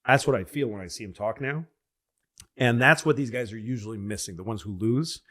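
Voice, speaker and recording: A man's voice: medium pitch, brisk, a bit bright. A man in casual podcast conversation, telling a rambling, reflective story with restarts and acted-out quotes. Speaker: podcast guest. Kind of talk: casual chat.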